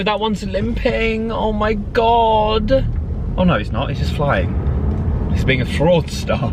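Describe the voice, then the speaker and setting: A man rambles and laughs through a casual vlog update, mid-pitched and lively. He's sitting in a parked car, and the street outside comes through clearly on the recording. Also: noisy background. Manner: animated, rambling, laughs often. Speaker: vlogger.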